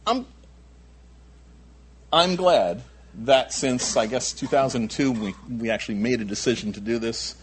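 A man's voice: medium pitch, unhurried, pauses often, a little hiss or hum. A male pastor preaching a sermon in an emphatic way, often repeating himself and adding asides.

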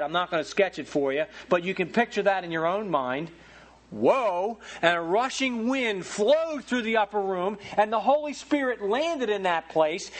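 A man preaching a sermon as pastor, telling stories in a lively, folksy, humorous way. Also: high-pitched. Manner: animated storytelling with folksy humor.

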